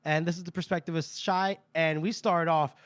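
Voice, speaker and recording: A man's voice: fairly high pitch, fairly even intonation, normal speed, smooth, dry recording. A man co-hosting a book podcast, recapping chapters in a casual, rambling way full of "you know" and "like". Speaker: podcast co-host.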